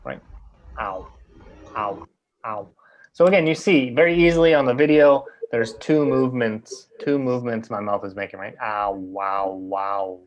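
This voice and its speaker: A man teaching an English pronunciation lesson, drawing out model sounds slowly and often checking in with "right?". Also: medium pitch, lively intonation, lo-fi sound.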